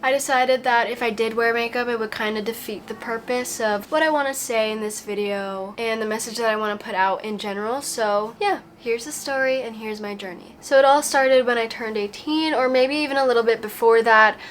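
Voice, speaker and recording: A woman's voice: fairly high pitch, brisk, hardly any pauses, slight background noise. Stuffy-nosed young woman telling her story. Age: young adult. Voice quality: stuffy and nasal. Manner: earnest, open storytelling. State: recovering from a fever. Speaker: vlogger. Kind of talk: casual personal vlog.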